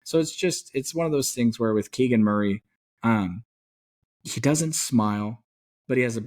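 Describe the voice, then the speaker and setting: Excitable man talking sports. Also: medium pitch, moderate pace. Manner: excited, rambling fan talk with mild swearing. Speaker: podcast co-host. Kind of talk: casual sports chat.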